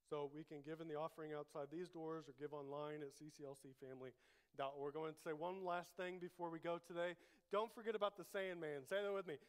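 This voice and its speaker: A man preaching a sermon as pastor, emphatic, repeating key phrases and leading the congregation to say them back. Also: a little high. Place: church.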